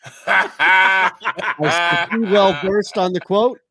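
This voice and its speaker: A man co-hosting a casual sports talk show, joking and animated in quick back-and-forth. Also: high voice, crowd noise.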